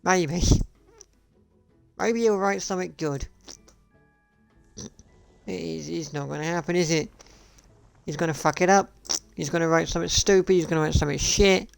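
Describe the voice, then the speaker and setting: A man's voice: a little high, normal speed, creaky, pauses often, clean tone, no room sound, faint music behind. A man streaming live, ranting in a sarcastic, profane and repetitive way. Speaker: gaming streamer. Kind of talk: casual live-stream rant.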